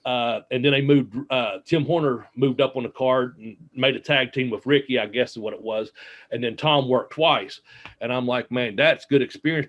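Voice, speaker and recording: A man's voice: mid-range voice, a bit bright, highs cut off. A man, a former wrestler, casually telling long anecdotes with lots of fillers and acted-out quotes in an interview. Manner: rambling anecdotes with many fillers and quoted dialogue. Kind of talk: casual storytelling.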